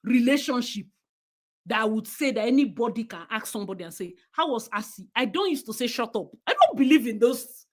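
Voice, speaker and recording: A young Nigerian-accented woman, talking straight to her livestream audience. She is blunt and emphatic, and her voice sits a little above the usual pitch for a woman. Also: lively intonation, a little fast, a little mellow. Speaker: livestream host. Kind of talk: casual livestream commentary.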